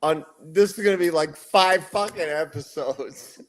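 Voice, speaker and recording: A man guests on a casual podcast and tells stories in a laid-back way, swearing often. His voice sits slightly high for a man. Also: measured pace. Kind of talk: casual chat.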